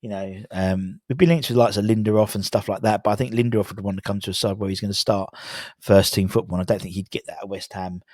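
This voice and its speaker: A man's voice: lowish voice, fairly even intonation, fast, darkish tone, dry recording, clean studio sound. A man hosting a football fan channel, chatting casually through transfer news with lots of ums and restarts. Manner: rambling, many fillers and restarts.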